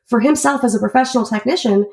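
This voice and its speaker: Chatty woman with a fairly high voice. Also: fast talker, gravelly. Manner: candid and chatty, with fillers and self-corrections. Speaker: auto shop service advisor, podcast guest. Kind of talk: casual interview chat.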